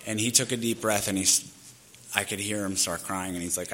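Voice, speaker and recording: Male, 30s, personal storyteller: low-pitched, tense and forceful tone, rambling and candid delivery. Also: steady tone, moderate pace, slight background noise. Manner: rambling, peppered with "like". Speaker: speaker sharing his recovery story.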